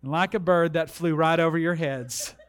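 A male pastor preaching a sermon, reading long name lists with asides and telling a joke story with lively delivery. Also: on the high side, moderate pace, clear, resonant tone, dry recording.

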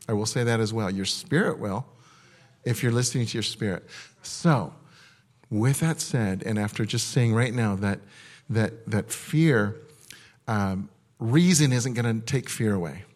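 A male pastor preaching a live sermon at a church service, conversational and digressive, with quick asides. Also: fairly low pitch, a little mellow.

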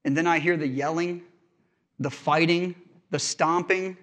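A male pastor preaching in a slightly high-pitched voice. He speaks conversationally and earnestly, weaving stories from home life into his sermon. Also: fairly even intonation, measured pace, fairly bright tone. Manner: conversational storytelling from family life.

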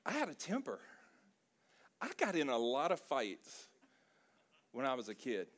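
A man's voice: mid-range voice, measured pace. A middle-aged man from South Louisiana, preaching a sermon and telling stories with humor and lots of feeling. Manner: animated, emotional storytelling with humor. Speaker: pastor.

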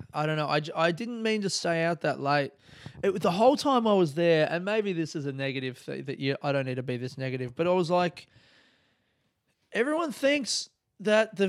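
A man's voice: fairly high pitch, lively intonation, normal speed, dry recording, studio quality. A man, a comedian hosting his podcast, telling meandering, profane, nostalgic stories in a casual monologue.

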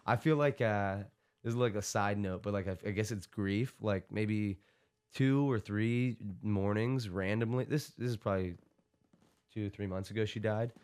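A young man chatting casually as a podcast guest, telling stories in an animated way and laughing often. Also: fairly low pitch, normal speed, smooth. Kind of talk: casual chat.

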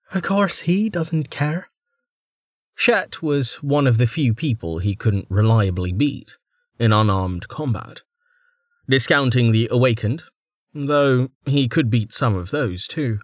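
A man reads an audiobook in a steady, measured way, his voice of middling pitch. The recording is close and dry, with no room sound behind him. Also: dry recording. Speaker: audiobook narrator. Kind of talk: scripted narration.

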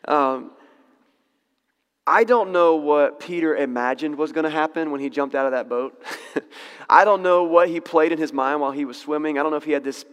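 A man teaching a Bible passage in a relaxed, conversational way, correcting himself and laughing in asides. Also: fairly high pitch, moderate pace, smooth, in a large hall.

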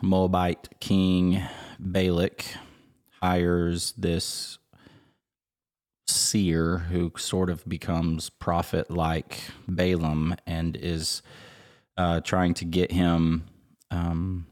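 A man's voice: deep voice, completely flat delivery, very slow, darkish tone. A man co-hosting a casual podcast, teasing the others and laughing a lot. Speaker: podcast co-host. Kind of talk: casual chat.

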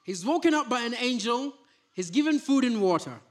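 A man's voice: very high-pitched, lively intonation, moderate pace. A man preaching a sermon, reading scripture and then explaining it in a conversational way, often restarting his sentences. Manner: conversational, with frequent restarts and stammers. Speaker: pastor.

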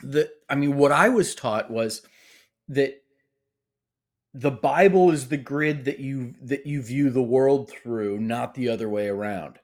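A man's voice: mid-range voice, a little mellow. A man co-hosting a political podcast, speaking earnestly in casual conversation with frequent restarts. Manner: halting, restarts often, earnest. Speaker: podcast co-host.

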